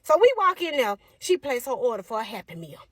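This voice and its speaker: A woman telling a comic story in an animated, sassy, exasperated way. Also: a little high, fairly quick, slightly rough, dry recording, studio quality. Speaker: comedic storyteller.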